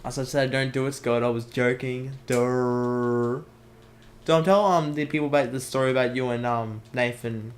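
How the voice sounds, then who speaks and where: A man's voice: brisk, hardly any pauses. A teenage boy, chatting and joking on a casual podcast. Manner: joking, jumpy pitch. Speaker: podcast host. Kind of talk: casual chat.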